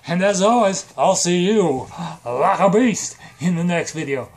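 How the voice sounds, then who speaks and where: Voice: mid-range voice, animated, measured pace. A channel creator telling an absurd made-up story in a rambling, hyper way with lots of fillers. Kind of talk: comic improvised storytelling.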